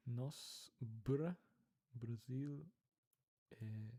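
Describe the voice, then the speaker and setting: An ASMR livestreamer chatting casually with viewers, soft-spoken, curious and quick to giggle. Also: mid-range voice, expressive, husky.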